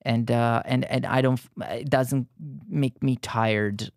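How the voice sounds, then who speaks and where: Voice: medium pitch, steady tone, takes it slowly, no room sound, studio quality. A streamer from Naples whose first language is Italian talks with a strong Neapolitan accent. They chat casually and talk straight to the viewers. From Naples, southern Italy. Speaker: livestreamer.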